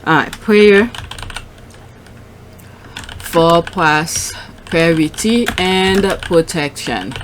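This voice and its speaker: A woman with a lowish voice hosts her channel, with slight noise in the background. She scrolls through clips and posts, commenting casually and reacting out loud.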